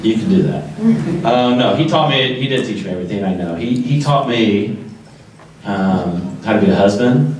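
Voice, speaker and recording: A man's voice: fairly low pitch, a little mellow, recorded from a distance, a little hiss or hum. A man speaking off the cuff about his late father at a memorial, joking loosely with many fillers. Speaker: son of the deceased, event host. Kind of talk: unprepared memorial speech. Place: large room at a memorial. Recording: echoey hall, speaker off-mic.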